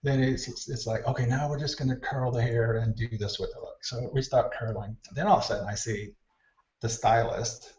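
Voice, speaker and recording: A man's voice: mid-range voice, fairly quick. A man telling backstage stories in an interview, acting out the voices of people he quotes. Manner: animated storyteller, acts out quoted dialogue. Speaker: hair stylist guest. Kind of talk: casual storytelling interview. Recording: distant roomy mic, dull lo-fi sound.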